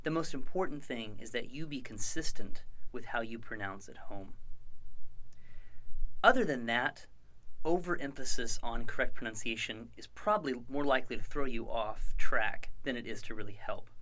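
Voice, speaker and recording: A man teaching a Latin lesson, speaking clearly and deliberately and stretching words to stress their endings. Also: mid-range voice, sharp tone, rough recording. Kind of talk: instructional lesson narration.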